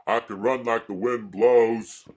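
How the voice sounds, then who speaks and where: A man doing an impression of a simple, earnest Southern man, speaking in a plain, halting way. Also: medium pitch, fairly even intonation, darkish tone, voice pushed up, close to an everyday voice.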